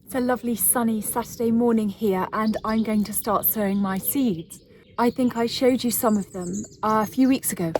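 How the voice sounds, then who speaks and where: A woman vlogging casually at home, gushing and excitable, often dropping into soft whispers. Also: a little high, moderate pace, a little hiss or hum. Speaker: lifestyle vlogger. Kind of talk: casual chat to camera. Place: home indoors.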